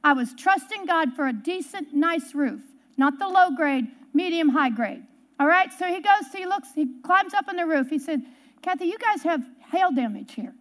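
A woman's voice: very high-pitched, normal speed. A middle-aged woman preaching, telling a personal story and acting out the quotes. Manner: animated storyteller, acts out quotes. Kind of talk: storytelling sermon.

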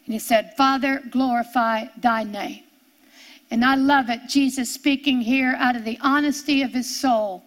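Slow-preaching high-voiced woman. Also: fairly even intonation. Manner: slow, drawn-out scripture reading. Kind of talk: sermon.

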